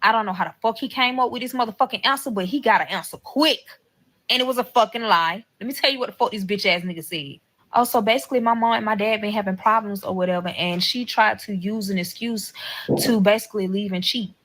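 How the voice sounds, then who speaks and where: A woman's voice: mid-range voice, quick pace, a bit bright, poor audio. A young woman vlogger telling a personal story in a blunt, heavily profane way, talking straight to her viewers. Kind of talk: storytime vlog.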